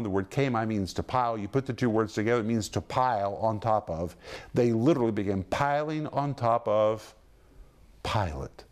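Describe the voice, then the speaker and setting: A man's voice: on the low side, a little mellow. A man teaching the Bible on television, with an emphatic, dramatic delivery that rises and drops sharply as he explains word meanings step by step.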